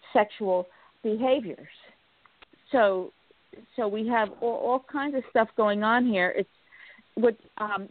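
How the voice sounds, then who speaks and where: A woman hosting a political talk show, speaking in a halting way with many restarts and telling stories with acted-out quotes. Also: medium pitch, dry recording. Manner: animated storytelling, acts out quotes. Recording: tinny phone-like line.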